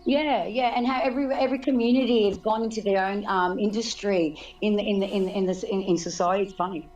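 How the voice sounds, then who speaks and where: A woman's voice: medium pitch, fairly even intonation, fast, a little mellow, muffled recording, faint music behind. Rambling woman, casual chat. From Australia. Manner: rambling, restarts, frequent laughs.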